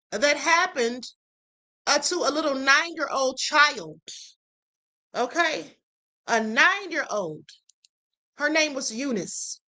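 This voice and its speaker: A woman with a high, bright, forceful voice hosts a live stream. She comments emphatically and speaks straight to her viewers, calling them beloveds. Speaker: livestream host.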